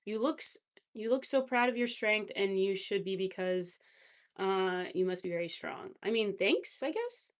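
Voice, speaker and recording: A woman's voice: medium pitch, steady tone, normal speed. A woman livestreamer in casual chat, reacting to chat messages with lots of fillers.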